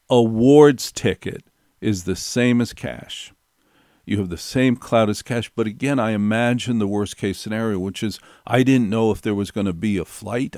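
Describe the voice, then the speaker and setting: A middle-aged man with a slightly mellow, lowish voice tells a personal anecdote over clean, echo-free studio sound. He's wry and digressive, circling back and repeating key phrases to build the story.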